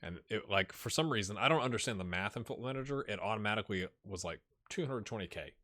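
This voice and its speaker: A man with a lowish voice and quick pace hosts a gaming channel, giving excitable, jokey, slang-filled let's-play commentary on a football management game. He addresses the players in the game directly, yells when goals go in and mumbles off at times.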